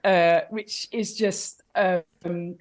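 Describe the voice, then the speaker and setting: A woman guest on a comedy podcast panel, telling stories in a lively, laughing way full of big exclamations. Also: lowish voice, extremely slow. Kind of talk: comic podcast banter.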